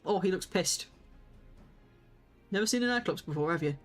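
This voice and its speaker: A woman, chatting excitably and giggling as she streams a game and talks to her viewers. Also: fairly low pitch, moderate pace, soft background music. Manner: excitable, giggly, reacts aloud and chats with viewers. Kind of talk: casual live-stream game commentary.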